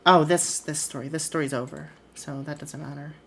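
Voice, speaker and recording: A woman streamer chats casually as she plays a wrestling booking game. Her voice sits low, and she swears offhandedly. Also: fairly even intonation, normal speed, gravelly, slightly rough.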